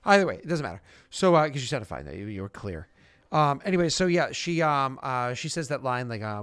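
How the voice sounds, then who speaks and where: A man's voice: mid-range voice, very animated, fairly quick, a bit bright, smooth, no room sound. A man narrating a tabletop game as game master, in a loose, chatty way full of fillers. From United States.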